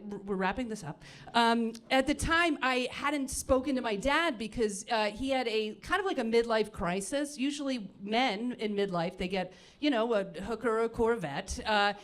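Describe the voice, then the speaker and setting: A woman comedian on a comedy club stage, telling a personal story in an animated way, with many fillers and acted-out asides. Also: fairly high pitch. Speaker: stand-up comedian.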